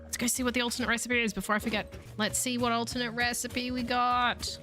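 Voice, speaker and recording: A woman's voice: on the high side, flat delivery, fast talker, pushed and bright, soft background music. A woman with an Australian accent giving chatty, playful, self-mocking commentary while streaming a video game. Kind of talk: casual let's-play commentary.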